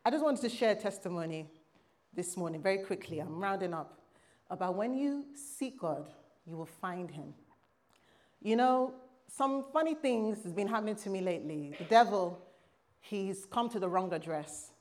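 A woman giving a church testimony in a preaching style. She is emphatic and exclaims, breaks into loud outbursts, then drops to hushed lines, and asks the audience for call-and-response. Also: medium pitch, expressive, moderate pace.

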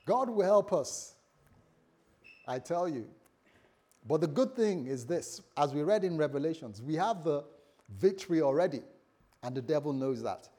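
Male pastor, husky tone, animated sermon delivery with hushed lows and loud peaks, speaks his own inner voice aloud. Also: normal speed, long pauses. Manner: animated preaching, jumps from quiet low lines to loud high bursts; acts out his own inner voice in quoted asides. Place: church service before a congregation.

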